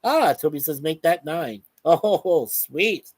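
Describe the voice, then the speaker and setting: A man's voice: fairly high pitch, expressive, slow pace, no echo. A man hosting a casual live stream, reading out viewer comments in a chatty, upbeat way. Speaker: show host.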